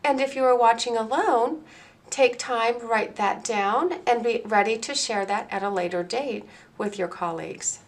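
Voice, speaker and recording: Woman giving a slow, careful phonics lesson. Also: fairly high pitch. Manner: slow, deliberate, explains step by step. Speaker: teacher trainer. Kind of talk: recorded teacher training lecture.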